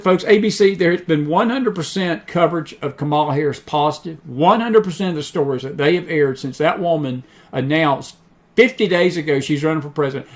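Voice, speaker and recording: A man's voice: fairly high pitch, fairly bright tone. A man hosting an online talk show, talking in a chatty, rambling way with many fillers and restarts. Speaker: host. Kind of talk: casual talk show monologue.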